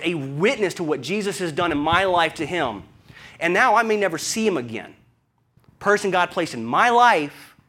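A man's voice: a little high, a bit bright. A man from the American South with a Southern accent, preaching a sermon in a conversational storytelling way, full of rhetorical questions. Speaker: pastor.

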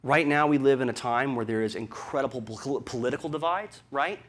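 A man's voice: mid-range voice, fairly quick, fairly bright tone, slight background noise. A man from the American South with a Southern accent, preaching a sermon in a conversational storytelling way, full of rhetorical questions. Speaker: pastor.

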